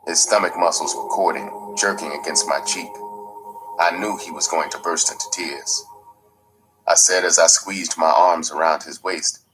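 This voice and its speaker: A man reading a first-person memoir aloud in a slow, measured, gritty storytelling manner. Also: low-pitched, fairly even intonation, fairly bright tone, breathy edge, poor audio. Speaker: audiobook narrator. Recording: faint music underneath.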